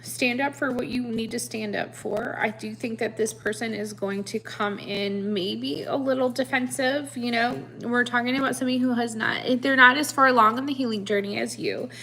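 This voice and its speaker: A woman's voice: on the high side, steady tone, normal speed, gravelly, few pauses, pushed and bright. A woman doing a live tarot reading for her viewers in a chatty, playful way, laughing often and calling them honey and kids. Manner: calls the audience kids, honey, guys. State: sniffly. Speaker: tarot reader.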